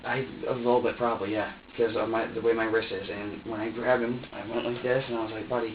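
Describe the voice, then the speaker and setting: A man's voice: medium pitch, level tone, fast talker, a little hiss or hum. A young man being questioned by police, talking in a rambling, repetitive and defensive way. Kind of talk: police interrogation. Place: police interview room. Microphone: far room microphone. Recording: tinny, echoey room audio from far off.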